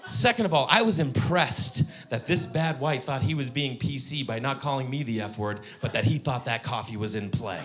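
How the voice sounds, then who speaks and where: A man doing a stand-up comedy set on a live stage, animated and breaking into loud high-pitched punchlines. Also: normal speed, hardly any pauses, over music.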